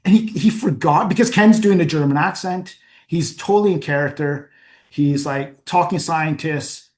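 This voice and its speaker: A forum founder gives a lively talk full of anecdotes, laughing at his own stories and often clearing his throat. His voice is on the high side and his pace is measured, and the room sounds echoey.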